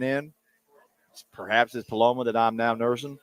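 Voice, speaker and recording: A man's voice: medium pitch, moderate pace. A man hosting a sports radio show, talking casually with jokes and rambling asides. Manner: animated, joking, rambling asides. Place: radio booth on location.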